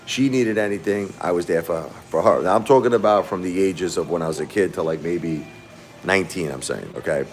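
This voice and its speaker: Low-voiced middle-aged man rambling to chat. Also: brisk, a little hiss or hum. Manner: rambling, repeats himself, addresses viewers by name. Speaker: livestream host. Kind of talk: casual livestream talk to chat. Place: fast-food restaurant.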